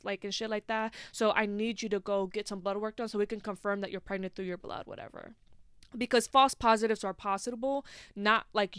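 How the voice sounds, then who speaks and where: A woman's voice: medium pitch, fairly bright tone, smooth, no room sound, studio quality. A young woman hosting a podcast, telling a personal story in casual chat, full of "like" fillers and swearing. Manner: chatty, heavy on "like", swears freely. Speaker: podcast host.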